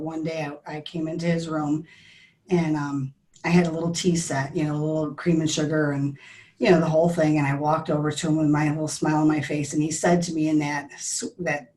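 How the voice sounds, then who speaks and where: A woman's voice: sits low, a little mellow, distant mic, rough recording. A middle-aged woman chatting as an interview guest, rambling and a little nervous, often losing her thread. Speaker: guest, tea business co-owner. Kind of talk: casual interview chat.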